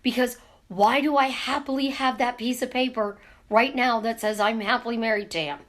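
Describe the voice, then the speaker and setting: A woman coaching her viewers in a casual live stream, talking with her hands and firing off rhetorical questions. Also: on the high side. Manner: animated, talks with her hands, asks rapid rhetorical questions. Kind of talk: casual teaching monologue. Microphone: camera in front of her.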